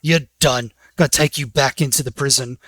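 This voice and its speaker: A man voicing a brutish male prison guard in plate armor who barks gruff threats at a prisoner. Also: medium pitch, steady tone, fairly quick, fairly bright tone, no echo, close to an everyday voice. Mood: menacing.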